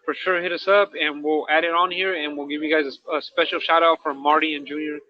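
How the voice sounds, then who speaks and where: A man's voice: fairly high pitch, flat delivery, a little fast. A man co-hosting a candid casual talk show, rambling in slang and checking in with "right?" as he goes, recorded with dull lo-fi sound. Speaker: podcast co-host, incarcerated dog trainer.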